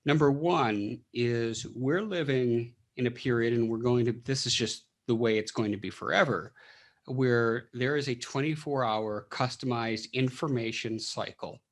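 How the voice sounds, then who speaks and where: A man's voice: medium pitch, unhurried. Man explaining with rhetorical questions. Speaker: podcast guest, clinical psychologist. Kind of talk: casual interview talk.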